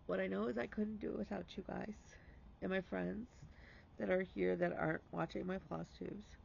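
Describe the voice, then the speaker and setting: Man, vlog host, very gravelly, high-pitched, casual heartfelt storytelling, slightly dull lo-fi sound. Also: fairly even intonation, moderate pace, slight background noise. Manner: retells conversations, dropping to a whisper for emphasis.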